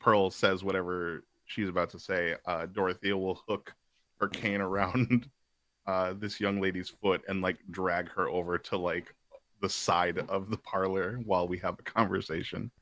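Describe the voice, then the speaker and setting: A man player describing his character's actions in a laid-back way. His voice is deep and fairly monotone, recorded on a close, dry mic. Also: normal speed, dry recording.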